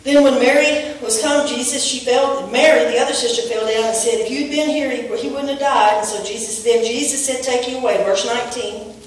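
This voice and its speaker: A woman preaching a sermon in church, telling a story and rising to shouts on key points. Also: on the high side, steady tone, brisk. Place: church sanctuary. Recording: echoey room from far off.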